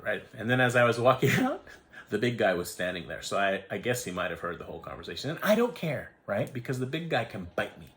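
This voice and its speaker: An American man in his forties talks through a personal story in a loose, rambling way, stopping himself mid-thought and restarting. His pitch swings widely as he slips in and out of quoted voices. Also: expressive, fairly quick, fairly bright tone. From United States. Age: 40s. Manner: rambling, self-interrupting, acts out quoted voices. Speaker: vlogger. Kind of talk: casual storytelling monologue.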